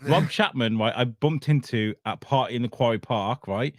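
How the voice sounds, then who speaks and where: A man's voice: medium pitch, moderate pace, no room sound. A man hosts a loose, casual chat show. He rambles through his story, swears freely and laughs often. The sound is dry and close. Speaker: podcast host.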